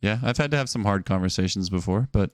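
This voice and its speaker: Rambling lower-voiced man, dry close mic. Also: fast, dry recording. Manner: rambling, storytelling with acted quotes and frequent "like". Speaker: podcast co-host. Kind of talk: casual chat.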